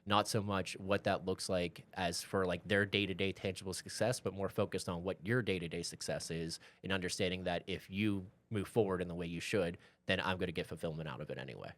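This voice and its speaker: Brief: man, podcast co-host, very low voice, reflective and rambling. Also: fairly even intonation, fairly quick, hardly any pauses, fairly bright tone. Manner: reflective and rambling, with many fillers. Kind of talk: casual chat.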